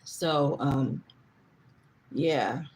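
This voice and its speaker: A woman's voice: low-pitched, very slow, a little mellow, slight background noise. A woman hosting a casual livestream, chatting loosely, reading out viewer comments and getting heated and emphatic when she vents. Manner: chatty, rambling, reads comments aloud. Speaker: livestream host.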